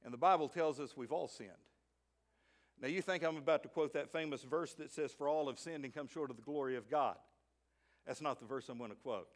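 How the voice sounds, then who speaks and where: High-voiced man preaching a lively sermon. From Arkansas, USA. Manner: preaches with emphatic swings in pitch and volume, slows for scripture. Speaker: pastor. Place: church sanctuary.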